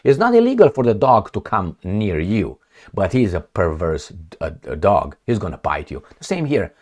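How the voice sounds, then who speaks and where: A man talks through the news as an opinionated commentator. His voice sits on the low side but leaps up and down with animated, sarcastic emphasis. He often slips into acting out imagined exchanges. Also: normal speed. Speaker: political commentator.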